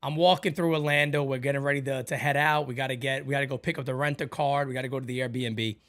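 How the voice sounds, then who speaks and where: A middle-aged man hosting a casual sports podcast, an animated storyteller who laughs often and acts out squeaky voices. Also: fast. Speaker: podcast host.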